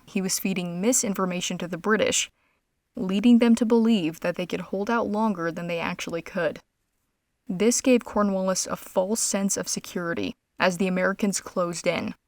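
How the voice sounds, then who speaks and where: A woman reading a scripted history story in a measured, dramatic storytelling manner. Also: mid-range voice, dry recording. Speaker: narrator. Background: music.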